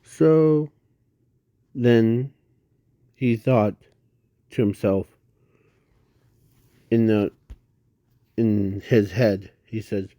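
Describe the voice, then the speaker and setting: Very slow, halting man rambling a story. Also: lowish voice, fairly even intonation, dark tone, no room sound. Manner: halting, rambling, with constant restarts and self-corrections. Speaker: fan storyteller. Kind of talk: casual improvised fan story.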